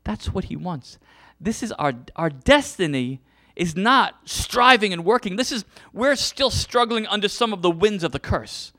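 A man's voice: high voice, animated, measured pace, few pauses, bright, forceful tone. A middle-aged man preaching a passionate sermon, full of restarts and repetitions. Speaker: pastor.

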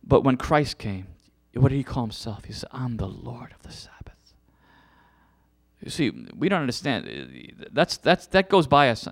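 A middle-aged man preaching a passionate sermon, full of restarts and repetitions. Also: medium pitch. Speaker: pastor.

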